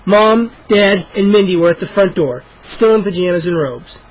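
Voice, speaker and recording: A man with a high-pitched voice reads at a moderate pace, with a little hiss or hum in the background. He's cold-reading a children's book as an audiobook narrator, slipping and restarting now and then, in a dull lo-fi home recording.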